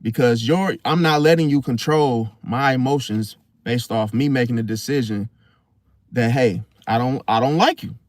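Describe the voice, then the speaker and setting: A man's voice: mid-range voice, normal speed, darkish tone, no room sound. Man talking astrology, casual and conversational, keeps saying "see?", dry close sound. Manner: conversational, repeats "see?", acts out quoted voices. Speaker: astrology video host. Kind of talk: casual monologue to camera.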